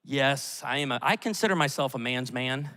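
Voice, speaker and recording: A middle-aged man preaching a sermon as pastor, animated and storytelling, acting out the voices he quotes. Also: medium pitch, moderate pace. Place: large church auditorium. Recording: long hall reverb from a church auditorium.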